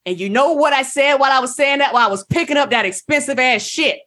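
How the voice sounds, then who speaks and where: Woman, candid, profane, self-mocking, fairly high pitch, casual chat. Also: fast talker, a bit bright.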